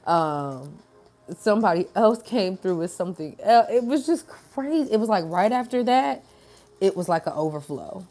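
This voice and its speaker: A woman's voice: medium pitch, animated, normal speed, mellow, soft background music. A woman giving a casual spiritual pep talk to her viewers, chatty and colloquial, calling them y'all. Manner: acts out voices in quoted dialogue. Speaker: spiritual message creator.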